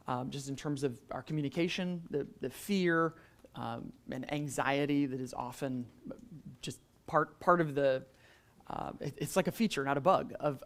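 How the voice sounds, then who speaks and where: A man's voice: medium pitch, fairly even intonation, normal speed. A man moderating an adult church class, talking conversationally with many fillers and restarts and quizzing the group. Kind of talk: adult Sunday school class teaching.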